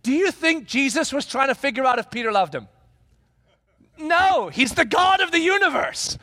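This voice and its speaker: A man's voice: extremely high pitch, sing-song, normal speed, bright, forceful tone. A man preaching as a pastor, telling a story with rhetorical questions and acting out the people in it. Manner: acts out quoted dialogue. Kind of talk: sermon.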